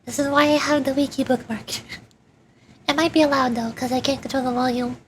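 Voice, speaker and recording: Giggly high pitched girl streaming a game, rambly casual chat. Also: steady tone, a little fast, a little hiss or hum.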